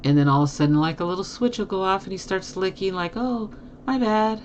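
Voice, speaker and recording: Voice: medium pitch, fast talker, highs cut off, slight background noise. A live streamer chatting casually with viewers from a home desk, laughing often.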